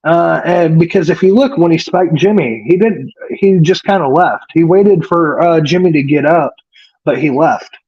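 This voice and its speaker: A man's voice: on the high side, normal speed, husky, highs cut off. A man co-hosting a wrestling podcast, recapping the show in casual chat and rambling with lots of fillers and swearing.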